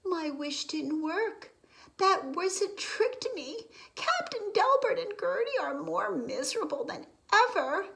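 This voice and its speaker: A panicky male bullfrog from a picture book cries out in a high, bright, lively voice, as a woman puts him on. He sounds miserable and stranded. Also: slow pace, vocal fry, exaggerated voice. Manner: pleading, cries out in distress. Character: sad worried male bullfrog, storybook hero.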